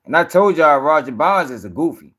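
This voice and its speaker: Man, live-stream news host, casual rant, profane, rambling, tired, forceful tone. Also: on the high side, expressive, fairly quick.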